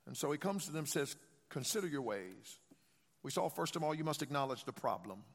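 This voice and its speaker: A man's voice: on the high side, expressive, a little fast, creaky. A male pastor preaching a sermon, urging the congregation to repeat after him in emphatic, repetitive call-and-response phrases. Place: church sanctuary. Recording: long reverb of a church hall.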